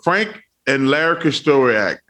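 An older man, a guest on the show, casually telling animated, profane stories and quoting people along the way. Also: medium pitch, a little slow. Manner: profane, animated anecdote telling with acted quotes. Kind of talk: casual storytelling.

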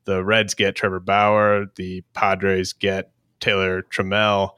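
Bright-toned man hosting a dry-sounding podcast. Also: deep voice, monotone, slow pace, smooth, no echo. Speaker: podcast host. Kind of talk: casual chat.

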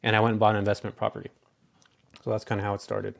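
A man with a fairly low, creaky voice speaks in a completely flat way. He's a chatty storyteller from California, a real estate investor appearing as an interview guest, and he talks fast and casually with lots of fillers.

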